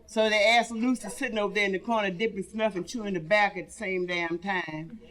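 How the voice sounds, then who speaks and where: A woman's voice: mid-range voice, fairly even intonation, a little fast, fairly bright tone. A woman telling bawdy stand-up jokes in an earthy style, calling the audience honey. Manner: earthy, calls listeners honey. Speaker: stand-up comedian. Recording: live audience laughing along. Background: audience laughter and responses.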